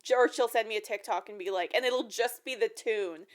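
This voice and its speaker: A woman co-hosting a podcast, telling animated stories in casual chat and laughing often. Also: a little high, a little fast. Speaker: podcast co-host.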